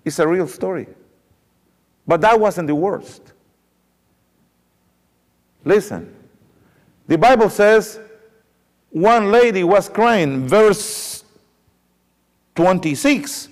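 A man's voice: high-pitched, very slow, long pauses. Man preaching in a reverberant hall. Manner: animated, repetitive, dramatic retelling. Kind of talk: sermon storytelling.

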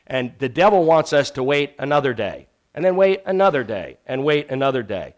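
Male preacher, earnest sermon delivery, mid-range voice, storytelling with quiet emphatic drops. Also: medium pitch, big pitch swings, fairly quick. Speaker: evangelism teacher. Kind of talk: sermon on sharing faith.

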